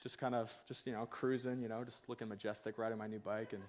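A man's voice: on the low side, flat delivery, quick pace, darkish tone. A young man preaching in a casual storytelling way, laughing at himself and acting out the people in his story. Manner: laughing, self-mocking, acts out quoted voices. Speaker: pastor.

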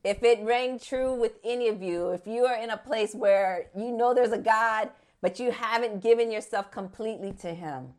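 A woman's voice: a little high, moderate pace, hardly any pauses. A woman in her fifties telling her faith testimony as a story, acting out the voices in it and growing fervent near the end. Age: 50s. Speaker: speaker giving a testimony.

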